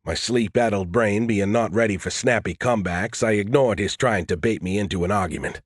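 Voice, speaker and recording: A man's voice: fairly low pitch, a little fast, hardly any pauses, slightly rough, no room sound, clean studio sound. A man narrating a first-person audiobook in a wry, self-deprecating way.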